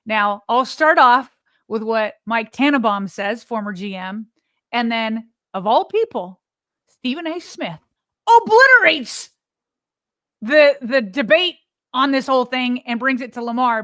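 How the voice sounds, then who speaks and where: A woman co-hosting a sports podcast, talking in a fairly high voice with emphatic, animated opinions. The sound is dry and close. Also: no room sound. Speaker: podcast co-host. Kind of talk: casual sports podcast talk.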